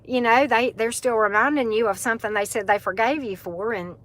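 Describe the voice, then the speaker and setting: A middle-aged woman, hosting a casual live chat with viewers. She talks in a chatty, animated way and laughs often. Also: fairly high pitch, brisk. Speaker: livestream host.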